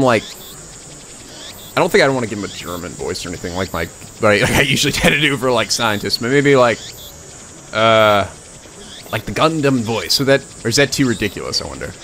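A man's voice: medium pitch, fairly bright tone, a little hiss or hum. A man hosting a let's play, rambling casually with frequent restarts and self-corrections. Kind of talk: gameplay commentary.

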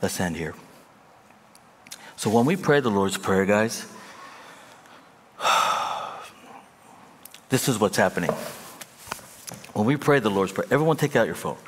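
A man's voice: fairly low pitch, a little hiss or hum. A male pastor preaching a sermon, impassioned and conversational, with a long hall reverb on the voice. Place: large church hall.

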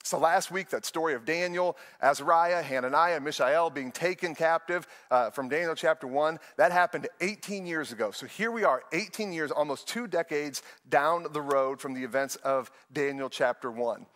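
A young adult man preaching a sermon to an online audience, telling stories with lively acted-out voices. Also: fairly high pitch, normal speed, hardly any pauses. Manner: animated storytelling, acts out voices in anecdotes. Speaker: pastor.

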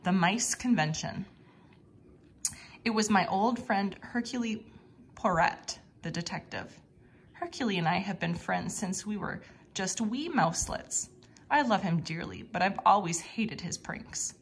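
A woman reading a children's storybook aloud in an expressive, animated way. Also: medium pitch, measured pace, slightly rough. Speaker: storybook reader.

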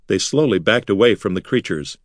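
Man narrating with a lively voice. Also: on the low side, brisk, no echo, clean studio sound. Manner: lively, expressive storytelling. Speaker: audiobook narrator. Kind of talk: scripted fantasy narration.

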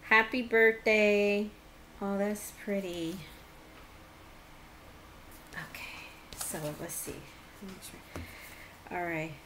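A woman vlogger unboxing mail at home, talking slowly and gently with heartfelt thanks to God and her viewers. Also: on the low side, steady tone. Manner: slow, gentle, religious and thankful. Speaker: yarn crafting vlogger. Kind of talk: casual unboxing chat. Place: hot home room with a fan behind. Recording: faint fan noise.

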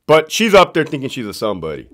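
Animated, profane male storyteller. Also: mid-range voice, fast talker. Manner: profane, animated, laughs often; emphatic, repeats punchlines. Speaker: prison guard telling work stories. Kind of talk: casual storytelling monologue.

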